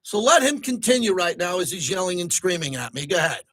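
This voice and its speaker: Speaking quickly in a voice that sits high, this sports talk radio host holds forth at length from his studio. The close studio mic picks up no room sound, and his excitable manner climbs to near-shouting whenever something gets under his skin.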